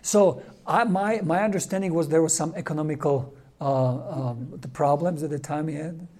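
A man preaching as a Catholic priest, telling a story in a soft, husky voice with a mellow, dark tone. He speaks haltingly, often repeating words and slipping in non-native grammar. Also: on the high side. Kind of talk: sermon storytelling.

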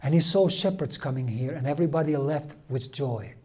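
A man with preaching a sermon, telling a story with dramatic swings between loud emphasis and hushed near-whispers. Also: a little high, a little fast, breathy edge.

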